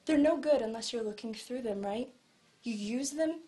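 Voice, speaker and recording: A woman preaching a conversational sermon, acting out quoted voices with lively shifts. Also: fairly high pitch, normal speed.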